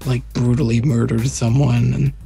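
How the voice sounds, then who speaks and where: A man co-hosting a podcast, telling a rambling, animated workplace story in casual chat. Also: mid-range voice, normal speed, gravelly, faint music behind. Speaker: podcast co-host.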